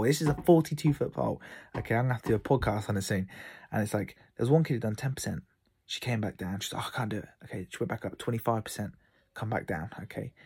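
A man hosting a casual solo podcast from his room, an outdoor camp instructor telling animated stories and acting out the kids' voices. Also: medium pitch, slightly rough.

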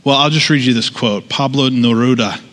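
This pastor talks through his sermon casually, breaking off for asides and starting sentences over. He speaks at a moderate pace in a mid-range, slightly bright voice, and a long hall reverb trails his words.

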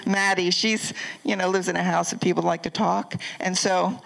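A woman's voice: on the low side, steady tone, moderate pace, gravelly, low-quality recording. An older woman pastor preaching a conversational sermon, asking the congregation questions as she goes.

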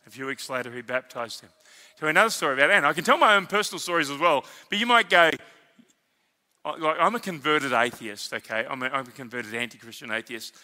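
A man with an Australian accent preaching a sermon as senior pastor, telling stories in an animated, emphatic and conversational way. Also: fairly high pitch, quick pace, big-room sound. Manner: animated storytelling, emphatic, conversational asides to the congregation.

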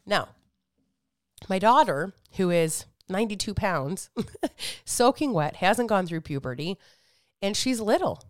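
A middle-aged woman, a fitness coach hosting a podcast, telling a story in a candid, animated way and swearing often. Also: mid-range voice, no echo, studio quality. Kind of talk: casual monologue podcast.

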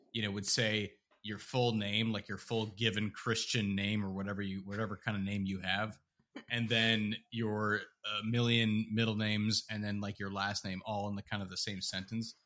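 Male podcast co-host, low-ish bright voice, rambling and laughing. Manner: rambling, laughs often, many fillers and restarts. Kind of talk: casual chat.

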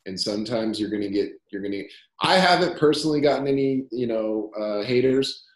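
Young man telling lively stories. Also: mid-range voice, brisk. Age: young adult. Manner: energetic storyteller, repeats phrases, acts out dialogue. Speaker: guest, coffee company founder. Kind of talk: casual podcast interview. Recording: roomy echo.

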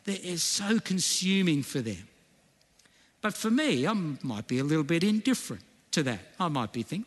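Male pastor, casual sermon delivery, slightly high voice, church hall reverb. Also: big pitch swings, moderate pace. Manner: conversational preaching, asks "right?" often.

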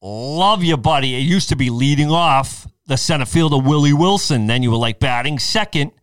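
A man in his fifties hosting a podcast, boisterous and hyped, chatting excitedly with an old friend. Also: a little high, normal speed, smooth, dry recording. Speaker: podcast host. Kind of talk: excited casual chat.

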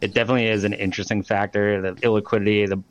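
Casual, fast-rambling man, low and dry. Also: little pitch movement, dry recording. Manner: loose, rambling, swears and laughs often. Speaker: podcast co-host. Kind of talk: casual chat.

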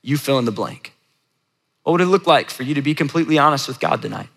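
Brief: conversational male preacher, bright voice, long reverb of a large hall. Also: mid-range voice, expressive, quick pace, creaky. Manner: conversational, emphatic repetition. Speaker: pastor. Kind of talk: sermon.

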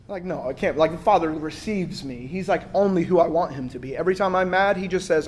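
A man with a fairly high voice gives a church sermon in a loose, conversational way. He jokes often and acts out little exchanges of dialogue as he goes. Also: quick pace, few pauses. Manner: casual, joking delivery with acted-out quotes and frequent 'like'. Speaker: pastor.

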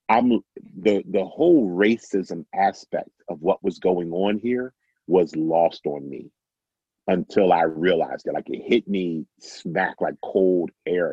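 Deep-voiced man telling a story. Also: slightly rough, dry recording, highs cut off. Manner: animated, self-amused, acts out dialogue. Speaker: guest storyteller. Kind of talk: casual anecdotal storytelling.

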